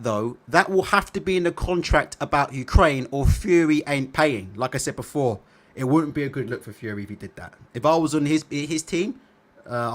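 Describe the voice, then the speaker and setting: Animated man with a high voice. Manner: animated, repeats tag questions. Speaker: boxing livestream host. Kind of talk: casual livestream chat reading comments.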